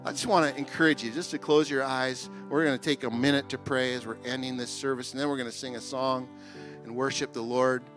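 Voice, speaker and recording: A male pastor preaching a sermon with passion, moving from soft, quiet stretches to loud, rising appeals. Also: mid-range voice, fairly even intonation, fairly quick, over music.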